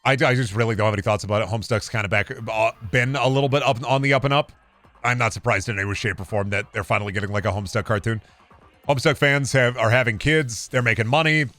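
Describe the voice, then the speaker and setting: A man's voice: mid-range voice, fast talker, sharp tone, faint music behind. A male streamer in casual live-stream chat, ranting sarcastically and swearing.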